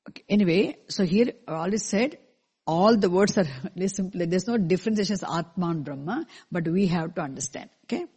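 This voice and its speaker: A teacher explaining a scripture verse to a class in a measured way, repeating key terms and asking the listeners questions, with verses chanted slowly in between. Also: medium pitch, a little mellow, husky. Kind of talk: scripture lecture.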